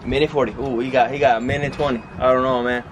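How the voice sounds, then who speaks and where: A young man casually commentating an eating race among friends, calling out times with hyped excitement. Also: medium pitch, fast, noisy background. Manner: hyped, excited timing calls. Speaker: timekeeper and commentator. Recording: music playing underneath.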